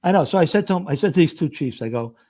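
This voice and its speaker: An older man with a New York accent, a retired fire lieutenant telling stories as a podcast guest, animated and rambling, acting out the voices of the people he quotes. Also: a little high, very fast. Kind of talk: casual storytelling chat.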